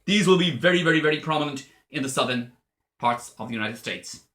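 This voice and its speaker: A man's voice: mid-range voice, lively intonation, fast, fairly bright tone. A man with an Irish accent giving a chatty spoken lesson and explaining things as he goes. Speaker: English teacher. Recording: echoey room.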